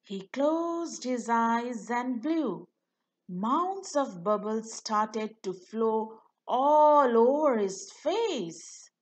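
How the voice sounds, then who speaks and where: A woman reading a children's storybook aloud in a slow, sing-song way. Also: a little high, animated. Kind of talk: children's read-aloud narration.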